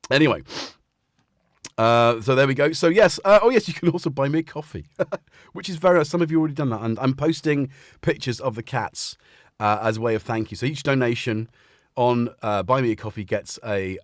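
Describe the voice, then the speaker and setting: A man's voice: medium pitch, expressive, a little fast, no room sound. Guy chatting on his home stream, bouncy up-and-down voice, rambles, dry close mic. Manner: rambling, chatty, trips over words. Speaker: livestream host. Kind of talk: casual livestream chat. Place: room at home. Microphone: desk mic with headphones.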